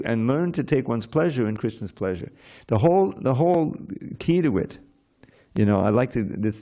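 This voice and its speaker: A man teaching a scripture class at a temple in a conversational, digressive way, with soft chuckles. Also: mid-range voice, gravelly. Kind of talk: informal scripture lecture.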